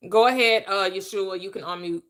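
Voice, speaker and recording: A woman's voice: mid-range voice, brisk, fairly bright tone. A woman hosting a casual online panel chat, blunt, teasing and preachy. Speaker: host.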